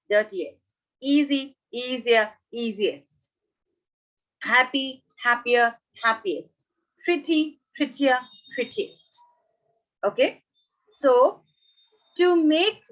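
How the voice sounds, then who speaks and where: A woman teaching an English grammar lesson online, repeating words slowly and checking in with "right?" and "okay?". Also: fairly high pitch, pushed and bright, highs cut off.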